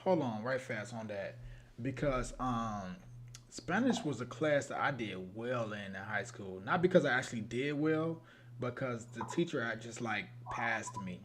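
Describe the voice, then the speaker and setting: A man's voice: medium pitch, animated, measured pace, fairly bright tone, a little hiss or hum. A young man co-hosting a livestream, telling stories in a rambling, laid-back way full of slang. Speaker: co-host of a true crime livestream. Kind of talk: casual livestream chat.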